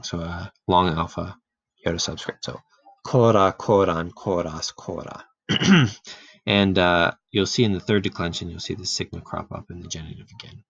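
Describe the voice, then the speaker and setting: A man giving a relaxed, casual grammar lesson, full of fillers and restarts, who often clears his throat. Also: low voice, no room sound. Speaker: Greek teacher. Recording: dull, dry home recording.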